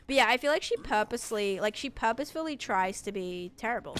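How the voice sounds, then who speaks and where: Over soft background music, a young woman on a live game stream chats as she builds and reads chat messages aloud. She talks quickly with lively intonation and few pauses in a clear, resonant tone, sometimes mimicking a voice assistant in a higher pitch.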